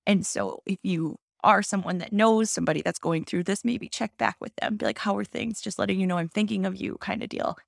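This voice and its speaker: A woman's voice: mid-range voice, fairly even intonation, brisk, creaky, few pauses, no room sound, studio quality. A woman guest speaking openly and emotionally in an interview, telling her story with lots of quoted dialogue. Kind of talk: candid interview conversation.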